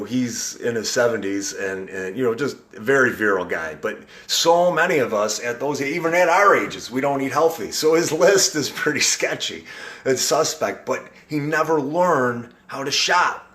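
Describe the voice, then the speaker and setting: A man's voice: mid-range voice, moderate pace, a bit bright. A man hosting a casual live video chat, talking in an earnest, rambling way with frequent restarts. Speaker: live-stream host.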